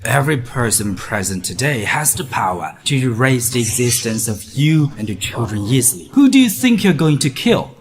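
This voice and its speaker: A man's voice: mid-range voice, normal speed, hardly any pauses, natural voice. A man voicing a ruthless, scornful young man who sneers at others in a dubbed drama. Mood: sneering.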